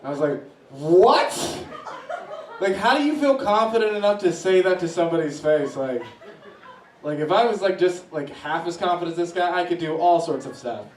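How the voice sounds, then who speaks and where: Animated stand-up comedian, echoey room. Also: male voice, a little fast, far from the mic, a little hiss or hum. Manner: animated, voices swing high when acting out reactions. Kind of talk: stand-up storytelling.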